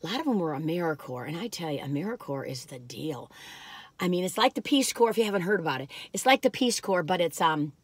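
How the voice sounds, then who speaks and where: A woman's voice: on the low side, lively intonation, fast, breathy edge, dry recording. An older woman chatting to her viewers in a rambling, talkative vlog from her car, with many asides and fillers. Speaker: vlog host reviewing cookies.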